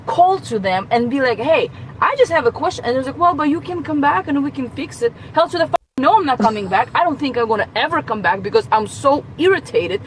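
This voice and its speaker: A woman's voice: fairly high pitch, slight background noise, poor audio. A woman ranting into her phone camera from inside a car, exasperated and swearing. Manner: exasperated, swearing, rising to outbursts. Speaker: nail tech venting as a customer. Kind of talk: casual rant to phone camera.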